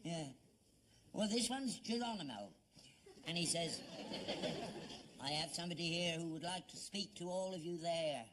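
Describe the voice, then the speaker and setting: A man's voice: on the high side, normal speed, long pauses, background noise, close to an everyday voice. A man playing a gullible old father in a sitcom, with an earnest, put-upon manner. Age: older. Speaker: actor in sitcom. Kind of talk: 1970s sitcom acting.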